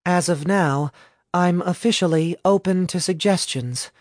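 A man voicing a sharp-tongued young female student who can read minds and scolds bluntly in a storybook reading. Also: lowish voice, unhurried, dry recording, studio quality, voice pushed up, natural voice. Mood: scolding.

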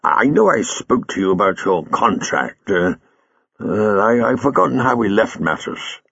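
A man's voice: lowish voice, big pitch swings, a little slow, creaky, a bit bright, husky, no echo, muffled recording, exaggerated voice. A man voicing a jovial, blustering old male theatre manager who jokes and chuckles in a florid way. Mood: flustered.

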